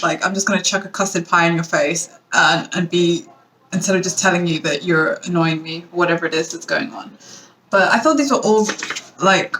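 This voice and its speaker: A woman's voice: on the low side, bright, forceful tone, a little hiss or hum, low-quality recording. A woman from Britain hosting her own show, chatting on her own in a rambling, wry way with lots of fillers. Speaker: podcast host. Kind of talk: casual solo chat.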